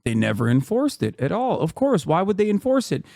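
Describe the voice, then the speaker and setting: A man's voice: high-pitched, huge pitch swings, fairly quick, vocal fry, darkish tone. A man hosting a live stream, giving heated, casual political commentary with frequent swearing and emphatic outbursts. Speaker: streamer host.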